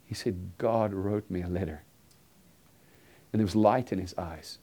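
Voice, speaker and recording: A man preaching a sermon, earnestly telling a story and acting out the dialogue, sometimes dropping to a hushed tone. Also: deep voice, normal speed, pauses often, breathy edge.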